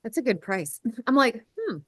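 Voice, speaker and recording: A woman's voice: mid-range voice, moderate pace, a bit bright, dry recording. A woman hosting a telehealth livestream, chatting casually and joking at her own expense, with the odd swear.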